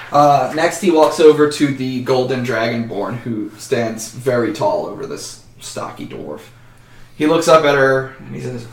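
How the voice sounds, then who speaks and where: A man's voice: mid-range voice, measured pace, roomy sound. A man narrating a tabletop role-playing game as game master, casually and with frequent ums.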